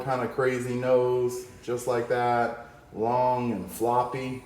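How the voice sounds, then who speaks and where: A man's voice: medium pitch, little pitch movement, measured pace. Playful man teaching drawing, echoey room. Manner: upbeat, playful, talks while drawing. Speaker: art teacher. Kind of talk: drawing lesson.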